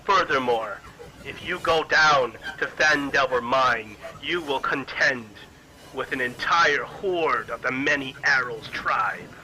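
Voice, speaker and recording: A man voicing a lustful, shifty male prisoner in a tabletop game, giving up what he knows slowly and hesitantly. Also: medium pitch, sharp tone, low-quality recording. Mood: confiding.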